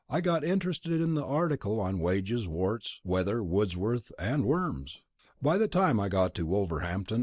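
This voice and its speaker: A man reading a novel aloud as an audiobook narrator, expressive and dropping low on the speech tags. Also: slightly rough, dry recording, studio quality. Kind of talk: scripted narration.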